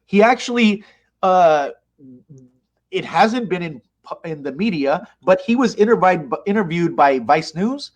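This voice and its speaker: This interview guest, a mosque leader, has a high-sitting, expressive voice and keeps a measured pace. His delivery is emphatic and impassioned as he relates what happened with animation.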